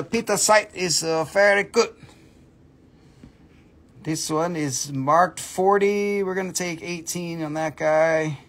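Guy on a live sale stream, slightly high voice, chatty, quick with the prices, playful little asides. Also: creaky, fairly bright tone, a little hiss or hum. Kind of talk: casual live-stream selling. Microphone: phone camera.

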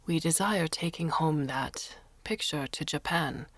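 A woman voicing a calm, stubborn foreign man who speaks halting broken English in a hushed voice. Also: low-pitched, dry recording. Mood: calm insistent. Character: impassive foreign male diver, polite and stubborn.

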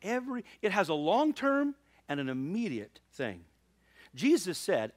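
A man's voice: high-pitched, huge pitch swings, a little slow. A male pastor giving a sermon, telling a funny personal story with laughter before moving into earnest preaching.

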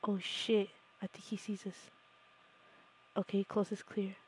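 A young woman streaming a game, chatting playfully and swinging from hushed spy whispers to loud shrieks. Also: medium pitch, little pitch movement, measured pace, slightly rough. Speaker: gaming streamer. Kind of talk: casual live-stream commentary.

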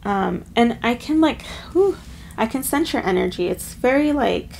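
Gravelly-voiced woman reading tarot. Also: on the high side, expressive, unhurried, darkish tone, slight background noise. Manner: chatty, filler-heavy, emotional. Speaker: tarot reader. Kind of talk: casual pick-a-card tarot reading.

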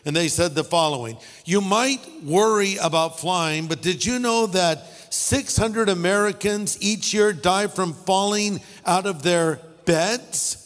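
A man's voice: high-pitched, unhurried, few pauses, a bit bright, in a large hall, soft background music. A middle-aged male pastor preaching a sermon, telling funny stories and making wry asides. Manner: storytelling with jokes and asides. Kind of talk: humorous sermon.

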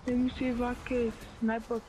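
A woman's voice: fairly high pitch, little pitch movement, fairly quick, crowd noise. A woman playing in a squad, repeating pleas and orders in a flustered way. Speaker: squad teammate. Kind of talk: casual gaming chat.

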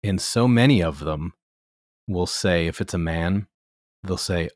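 A man's voice: sits low, measured pace. A man hosting a podcast, telling anecdotes in a wry, teasing way in casual chat. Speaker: podcast host.

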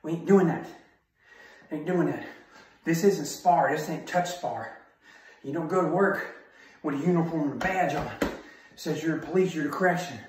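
A man's voice: fairly high pitch, moderate pace, background noise. A man giving a self-defense training talk as an instructor, in a punchy, emphatic style of short barked phrases. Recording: very echoey room, far from mic.

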